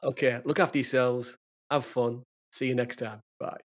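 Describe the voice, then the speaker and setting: A man co-hosting a podcast in casual chat, chatty and friendly and quick to laugh. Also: mid-range voice, level tone. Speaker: podcast co-host.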